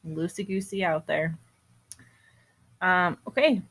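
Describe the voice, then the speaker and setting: A woman chatting casually and reading posts aloud, agreeable and quick to giggle. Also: fairly low pitch, a bit bright, slightly rough.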